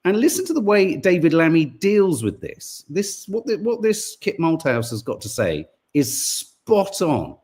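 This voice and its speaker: A man's voice: fairly high pitch, huge pitch swings, a little slow, hardly any pauses, a little mellow, husky. A man hosting a podcast, giving indignant, sweary political commentary. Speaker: podcast co-host.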